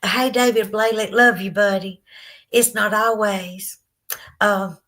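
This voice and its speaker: A woman's voice: medium pitch, fairly even intonation, slow pace, a bit bright. Emotional Southern woman telling her story. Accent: Southern American. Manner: candid, emotional, fighting back tears; rambling with frequent fillers. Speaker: podcast host. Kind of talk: live-stream storytelling, reading viewer comments.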